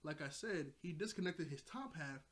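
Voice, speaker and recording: A man's voice: a little high, lively intonation, normal speed, fairly bright tone. A man casually recapping an anime episode, rambling, laughing often and correcting himself mid-sentence. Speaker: anime reviewer.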